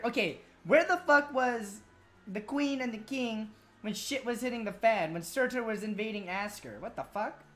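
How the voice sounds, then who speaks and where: A woman's voice: a little high, moderate pace. A woman casually commentating a game playthrough, rambling and swearing with many fillers. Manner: rambling, profane, full of fillers. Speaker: gaming streamer.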